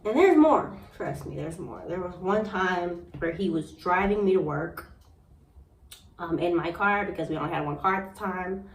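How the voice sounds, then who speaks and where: A young woman tells her own story to the camera, blunt, profane and animated. Her voice sits back from the mic in a roomy, echoing space, with a faint hum of room ambience underneath. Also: lowish voice, moderate pace, distant mic. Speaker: vlogger. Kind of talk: candid storytime monologue. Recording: roomy echo, a bit off-mic.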